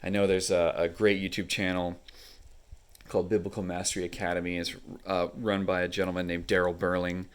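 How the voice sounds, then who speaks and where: A man with a very deep voice talks through a book page by page. He explains at an easy pace and fills his pauses with ums and uhs, like a casual hobby reviewer. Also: flat delivery, clean tone. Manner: unhurried, explanatory, many fillers.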